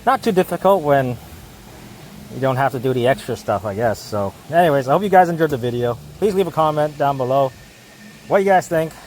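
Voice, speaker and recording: Male mechanic narrating a brake job, ordinary middle pitch, loose and rambling delivery. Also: animated, brisk, a little mellow, slight background noise. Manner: rambling, repeats words and restarts often. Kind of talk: casual how-to narration while working. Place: auto repair shop.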